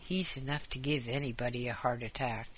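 A man's voice: mid-range voice, fairly even intonation, fairly quick, slightly rough, close to an everyday voice. A man reading aloud, voicing a blunt, sarcastic female nurse. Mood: irritated.

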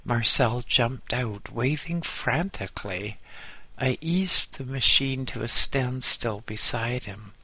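A man narrating a memoir audiobook in a measured, dryly humorous way. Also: medium pitch, expressive, sharp tone, slightly rough, no room sound.

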